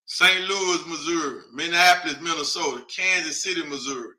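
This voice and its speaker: Male host, casual broadcast, slightly high and very bright tone, chatty, reads aloud as he thinks. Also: moderate pace. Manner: thinks aloud while reading a list off a map; speaks directly to viewers, chatty and informal.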